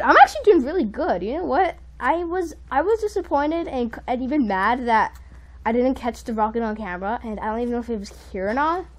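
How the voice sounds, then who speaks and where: A woman giving excitable live commentary while playing a video game, jumping between panicked outbursts and quiet muttering. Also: fairly high pitch, a little hiss or hum. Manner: says "dude" and "frick" a lot. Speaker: gaming video creator.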